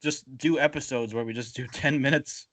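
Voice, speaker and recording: A man co-hosting a relaxed podcast, talking loosely and joking with his partner. His voice sits at an ordinary middle pitch, and he swears lightly now and then. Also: normal speed, no room sound. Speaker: podcast co-host. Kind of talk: casual chat.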